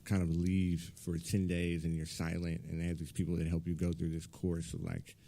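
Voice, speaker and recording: Host, male, deep and very dark tone, hesitant casual questioner. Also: completely flat delivery, moderate pace, gravelly. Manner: hesitant, lots of "like".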